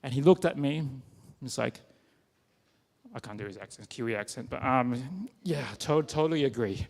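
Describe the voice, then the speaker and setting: Gravelly man preaching in a reverberant church. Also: medium pitch, expressive. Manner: conversational, halting, many fillers. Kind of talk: personal sermon storytelling. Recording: long reverb of a church hall.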